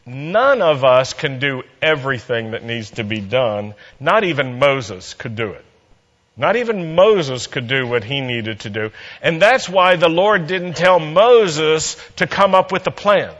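A man's voice: a little high, expressive, unhurried, fairly bright tone, dull audio. A man preaching a sermon, telling a humorous personal story and acting out the dialogue with playful energy.

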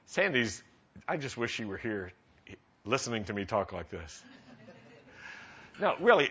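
A man preaching a sermon to a congregation in a conversational, practical way, rising to animated emphasis. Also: medium pitch, unhurried, long pauses. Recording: dull lo-fi sound.

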